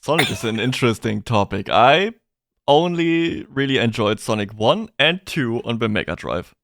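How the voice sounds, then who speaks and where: A man whose first language is German, chatting casually as a streamer being interviewed about games, excitable and stammering through restarts. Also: mid-range voice, normal speed, dry recording, studio quality.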